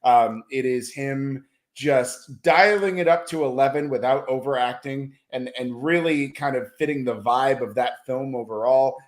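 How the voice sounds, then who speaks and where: A man's voice: medium pitch, a little slow. A man who is a film critic, giving his picks in a casual chat, thoughtful and full of ums and restarts. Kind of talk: casual awards-preview chat. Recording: roomy echo.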